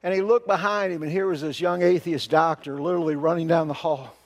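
A man's voice: fairly high pitch, fairly even intonation, a little fast. A male pastor telling a story in a sermon, folksy and earnest.

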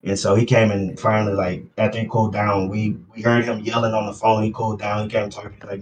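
A young man co-hosting a podcast, telling work stories in a casual, profane, animated way. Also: fairly low pitch, fast, few pauses, a crowd in the background. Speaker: podcast co-host. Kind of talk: casual chat.

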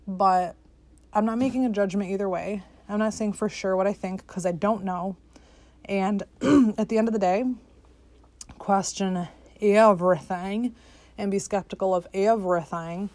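A woman's voice: mid-range voice, steady tone, moderate pace, a little mellow, no room sound. Woman, podcast host, solo rant, swearing, skeptical, exasperated. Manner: profane, skeptical, exasperated outbursts. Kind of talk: ranting political monologue.

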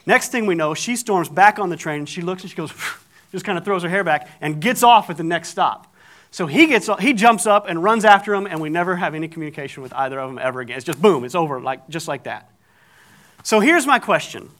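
Man, middle-aged preacher, animated storyteller, bright tone, slightly high pitch. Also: fairly quick. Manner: animated, acts out the people in his story. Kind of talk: storytelling sermon.

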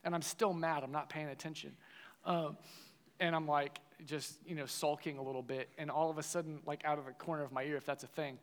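A young adult man preaching a sermon, telling a personal story in an animated way and acting out the dialogue. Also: a little high, a little fast. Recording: long reverb of a large hall.

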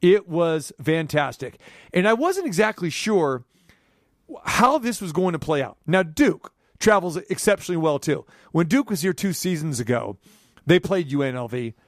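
A man hosting a sports talk radio show, delivering an animated, rambling monologue from a studio. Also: a little high, normal speed, dry recording.

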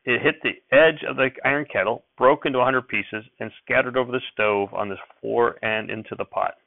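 Gravelly man reading a novel aloud. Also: mid-range voice, brisk, dry recording. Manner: steady narration with small slips and self-corrections. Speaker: reader. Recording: dry, thin phone-like sound.

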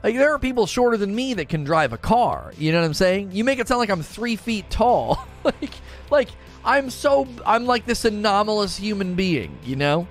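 A man's voice: sits high, big pitch swings, moderate pace. A middle-aged man streaming, chatting casually and joking, repeating his phrases, with faint music behind. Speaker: gaming streamer. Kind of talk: casual livestream chat.

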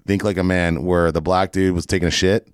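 A man with a fairly low voice rants through a casual podcast, swearing freely and hammering his points home. The sound is dry and close, with no room around it. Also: level tone, a little fast, smooth, no echo. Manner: profane, emphatic ranting. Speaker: podcast host. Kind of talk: casual opinionated podcast rant.

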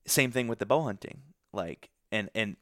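A man's voice: fairly low pitch, normal speed, no echo, studio quality. A young man from Michigan, a podcast guest, telling a hunting story in a casual, rambling way with many fillers and restarts.

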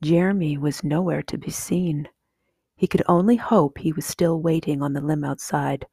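A woman reading a children's story aloud in a slow, hushed, soft whispered storybook style, husky in tone. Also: low-pitched, no room sound.

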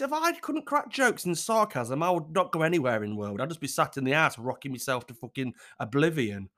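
Lively, sweary British man chatting. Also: on the high side, quick pace. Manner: sweary, jokey and sarcastic; animated, swings between loud outbursts and muttered asides. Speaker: channel host. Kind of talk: casual chat to viewers.

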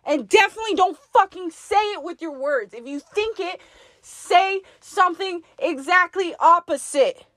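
A woman's voice: very high-pitched, expressive, unhurried, a bit bright, dry recording. Blunt, profane woman giving herself a pep talk. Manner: talks to herself in second person. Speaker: podcast host. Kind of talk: self-directed pep talk monologue.

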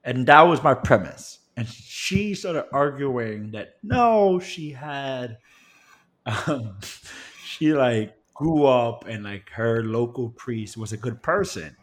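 A man's voice: mid-range voice, expressive, slow pace. A young man, a podcast co-host, telling a bar story in casual, profane chat and laughing as he goes.

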